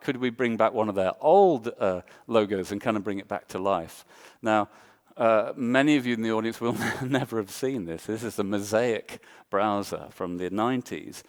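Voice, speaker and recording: Joking Englishman on a conference stage. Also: lowish voice. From England. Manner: self-deprecating, joking, many fillers. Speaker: conference speaker. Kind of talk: design talk on stage.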